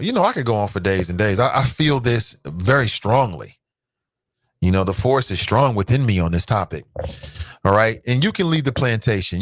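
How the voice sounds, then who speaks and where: A man's voice: a bit bright, no room sound, clean studio sound. A man hosting a talk show, delivering an emphatic, preachy monologue straight to his listeners. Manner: loose and streetwise, with swings in pitch.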